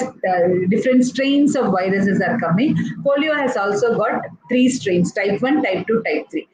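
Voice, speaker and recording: A woman's voice: on the high side, a little mellow. A woman pediatrician from India with an Indian English accent, explaining step by step in a live talk, with many fillers and restarts. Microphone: live online session. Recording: echoey, dull lo-fi sound with faint noise.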